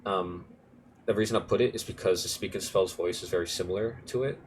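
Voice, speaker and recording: Low-voiced man walking through a music project. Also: a little fast, slight background noise. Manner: rambling, self-correcting, offhand. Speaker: music producer. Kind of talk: casual screen-recorded tutorial walkthrough.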